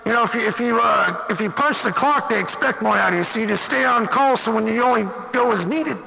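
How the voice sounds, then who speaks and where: A man's voice: very high-pitched, fast talker, creaky, sharp tone. A man on a CB radio channel, mocking and swearing at another operator between bursts of laughter. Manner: mocking, profane, laughing taunts. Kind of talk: on-air radio banter. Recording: hissy CB radio with long reverb.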